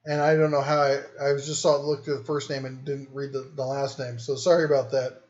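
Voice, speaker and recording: A man's voice: mid-range voice, level tone, fast talker, a little mellow, highs cut off. A man hosting a casual livestream from home, joking and rambling as he reads viewer comments aloud. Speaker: livestream host. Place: home den.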